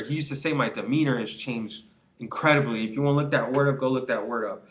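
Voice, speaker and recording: A young man talks straight to the camera in a loose, rambling monologue. He restarts sentences, repeats himself and slips into other people's voices as he tells the story. His pitch sits in the middle for a man. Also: quick pace, fairly bright tone. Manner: rambling, repeats words, acts out quoted voices. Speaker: vlogger giving quit-weed advice.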